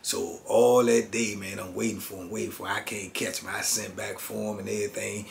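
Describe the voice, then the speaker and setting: There's a little hiss or hum behind this fairly low, vocal-fried voice, which is brisk and flat in delivery. It belongs to a middle-aged ex-prisoner telling a prison story in an interview, peppering his street-slang lines with "man" and "you know what I'm saying".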